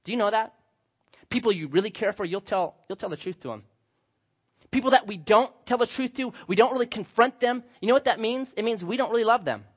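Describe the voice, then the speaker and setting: A middle-aged man preaching a sermon as pastor, telling stories with animated quoted voices. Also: sits high, fairly quick, dull audio.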